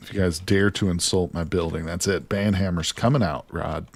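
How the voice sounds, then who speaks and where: A man commentating live on his survival gameplay, talking to viewers and swinging between quiet mutters and excited outbursts. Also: sits low, normal speed. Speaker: gaming streamer.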